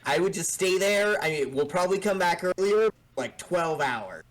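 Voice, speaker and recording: A man's voice: high-pitched, expressive, moderate pace. Dry, wry man at the game table. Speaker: player. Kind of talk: casual tabletop game play.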